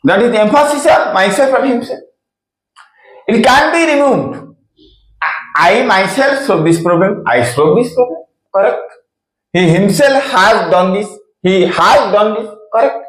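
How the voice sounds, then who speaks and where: A man's voice: high voice, lively intonation, unhurried, a bit bright. A man teaching grammar, who repeats key phrases and answers his own questions. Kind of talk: slow explanatory lesson. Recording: echoey room.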